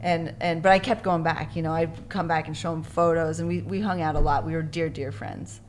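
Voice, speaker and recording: Lower-voiced woman, reflective guest. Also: steady tone, brisk, a little hiss or hum. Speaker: guest artist. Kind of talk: conversational interview.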